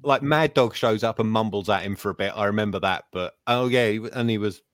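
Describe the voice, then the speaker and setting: A man's voice: on the low side, quick pace, no room sound. Sardonic man, dry close sound. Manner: sardonic, swears, mimics people in quotes. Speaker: podcast co-host. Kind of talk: casual chat.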